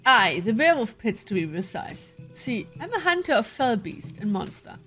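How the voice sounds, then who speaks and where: A woman's voice: fairly high pitch, sing-song, normal speed, fairly bright tone, soft background music. A woman voicing a friendly male dwarf tinkerer and monster hunter, read in her own plain voice without an accent.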